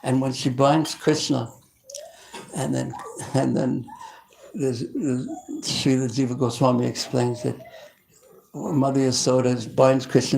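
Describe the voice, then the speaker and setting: A male preacher telling devotional stories in a lively sermon, often stopping and restarting his sentences. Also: mid-range voice, a little slow, creaky, slight background noise, low-quality recording. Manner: animated, with frequent restarts.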